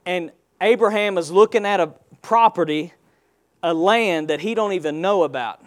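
A man's voice: high voice, normal speed. A male pastor preaching a sermon, firing rhetorical questions and call-and-response prompts at his congregation.

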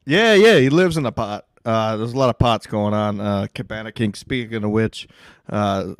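A man's voice: on the low side, moderate pace, clean tone, no echo, clean studio sound. A man hosting a podcast, telling stories in casual chat with a laid-back, swearing manner. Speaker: podcast host.

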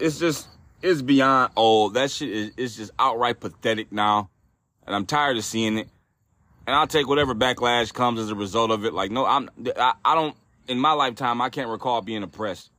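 A man's voice: mid-range voice, normal speed, pushed and bright, dry recording. Profane, exasperated man ranting. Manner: profane, exasperated, repetitive restarts. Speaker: podcast host. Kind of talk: ranting solo podcast commentary.

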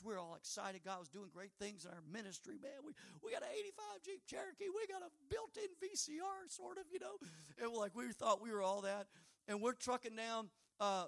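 A preacher telling a folksy, rambling story from the pulpit. His voice sits very high and bright, and he climbs toward loud, fervent praise. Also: creaky. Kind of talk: sermon storytelling.

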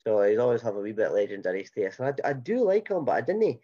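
A man's voice: mid-range voice, sing-song, fast, warm tone, lo-fi sound. A Scottish man hosting a casual football podcast, chatty and rambling with many fillers and restarts. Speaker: podcast host.

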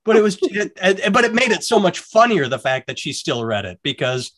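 A man's voice: sits high, brisk. A man hosting a casual chat, telling stories animatedly and acting out the quotes. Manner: animated storyteller, acts out quotes. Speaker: podcast host.

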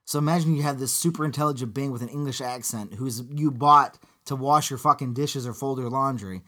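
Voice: mid-range voice, fairly quick. A podcast co-host talking casually about a movie, profane and joking. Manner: animated, profane, jokey asides.

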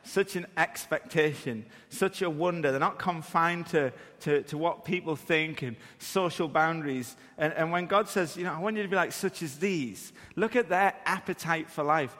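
A man in his thirties, a pastor preaching a sermon with animated storytelling. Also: on the high side. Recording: long hall reverb.

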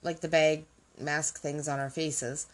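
Low-voiced woman chatting casually. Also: flat delivery, takes it slowly. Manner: explains points and checks in with "right?". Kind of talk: casual conversational chat.

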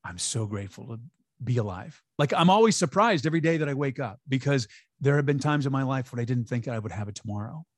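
A man's voice: mid-range voice, quick pace, no room sound. Upbeat guy chatting as a guest, emphatic, dry close mic. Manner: upbeat, emphatic, acts out quoted voices. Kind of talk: conversational interview.

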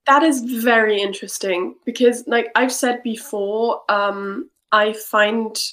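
A woman who is a singer, co-hosting a podcast in a relaxed, reflective chat. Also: on the high side, slow. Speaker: podcast co-host.

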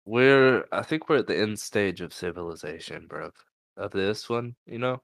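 A relaxed young man hosting a casual podcast chat, swearing freely and laughing between thoughts. His voice sits on the low side and sounds close and dry, with no room around it. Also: normal speed, vocal fry, no room sound. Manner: laid-back, swearing, laughing often. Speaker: podcast host.

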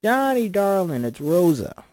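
A man voicing a salty, old-school woman agent in her fifties who talks fast and pushy. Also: high-pitched, sing-song, darkish tone, no echo, voice pushed up. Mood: brassy, pushy.

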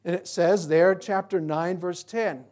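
A man pastor preaching a sermon emphatically, asking rhetorical questions and swinging between loud and quiet delivery. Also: high voice, fairly even intonation, a little slow.

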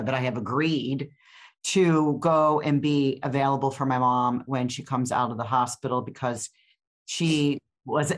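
An older woman co-hosting a podcast, chatting casually and rambling with restarts and fillers. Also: rumbling low. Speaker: podcast co-host. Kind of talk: casual chat.

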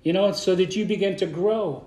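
A man's voice: high-pitched, moderate pace, warm tone. A man preaching a sermon as a Baptist pastor to his congregation, in a fervent, folksy way that often repeats words. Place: church sanctuary. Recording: echoey church room.

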